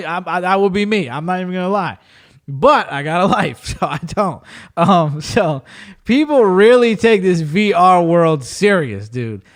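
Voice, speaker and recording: A podcast host in casual chat, telling stories in an animated way and calling his friends bro and dude. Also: on the high side. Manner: animated storyteller, says bro and dude often.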